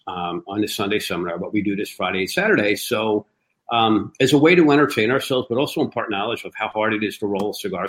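A man from a cigar company, a guest telling animated stories and acting out the dialogue. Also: fairly low pitch, poor audio. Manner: lively storyteller who acts out quoted dialogue. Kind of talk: animated anecdotal storytelling.

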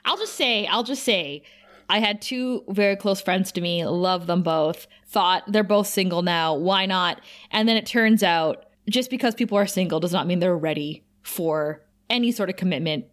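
A woman with a middle-pitched voice recaps a TV episode in easy, animated podcast chat. She narrates what happens and quotes the characters along the way. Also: moderate pace. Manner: animated, retells scenes quoting characters. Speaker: podcast co-host.

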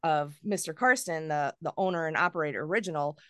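A woman's voice: low voice, fast talker, fairly bright tone, no room sound, clean studio sound. A woman hosting a podcast in casual chat, candid and a little profane, laughing often as she talks. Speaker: podcast host.

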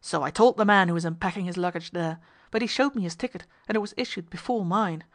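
A woman's voice: lowish voice, quick pace, natural voice. A woman voicing a robust, businesslike passenger. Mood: firm.

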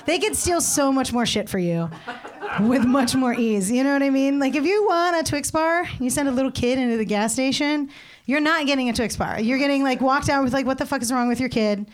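Young female stand-up comic, rambling storyteller, a touch high in pitch. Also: a little fast. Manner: rambling, animated storytelling with laughs and acted-out voices. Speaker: stand-up comedian. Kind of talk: stand-up comedy set.

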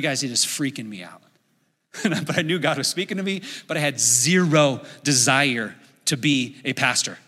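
A middle-aged man preaching a sermon as a pastor, telling a story in an animated way and acting out his own inner voice. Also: on the high side. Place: church sanctuary. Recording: long hall reverb.

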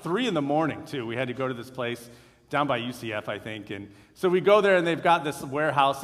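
Man, pastor, sermon, personal story, fairly high voice, reverberant church. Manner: lively, self-deprecating storytelling. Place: church sanctuary. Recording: long hall reverb.

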